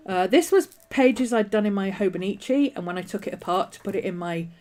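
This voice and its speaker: A woman's voice: medium pitch, a little fast, a little mellow. Chatty woman with a nagging cough. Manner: chatty, meandering, restarts thoughts often. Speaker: journaling video host. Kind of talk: casual rambling vlog chat.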